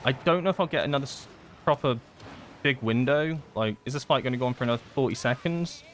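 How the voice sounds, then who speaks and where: A man giving live gameplay commentary, thinking aloud and excitedly pleading with his teammates. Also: mid-range voice, quick pace, slight background noise. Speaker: gaming content creator.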